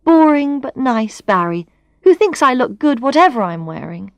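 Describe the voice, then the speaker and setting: Clear, expressive female narrator for a learners' story; dry studio sound. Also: high voice, moderate pace, no echo. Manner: expressive, clear, first-person reading.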